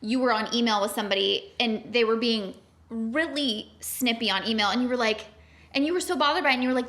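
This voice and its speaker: A woman's voice: on the high side, fast talker, a bit bright. A young adult woman co-hosting a podcast, chatty and self-deprecating with many fillers. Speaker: podcast co-host. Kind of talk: casual chat.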